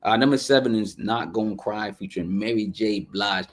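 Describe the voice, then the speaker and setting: A man with a fairly low voice talks casually as a podcast host, running through tracks with loose asides and frequent shout-outs. He keeps dropping "you know what I'm saying" as he goes, and his nose is running. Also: normal speed, gravelly, few pauses. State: runny nose. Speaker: podcast host reviewing an album. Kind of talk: casual music review chat.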